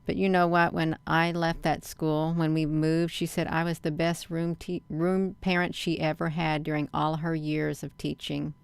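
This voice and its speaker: Low-pitched middle-aged woman rambling to her viewers, slow and chatty, clear smooth voice, dry close mic. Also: little pitch movement, dry recording. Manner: chatty, rambling, often says "you all". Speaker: vlogger. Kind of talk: casual commentary on a webcam feed.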